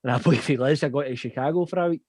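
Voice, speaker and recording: A man's voice: mid-range voice, rapid-fire, a little mellow, no echo. A young man with a Scottish accent, telling a long laughing anecdote in casual chat, swearing freely. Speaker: podcast host.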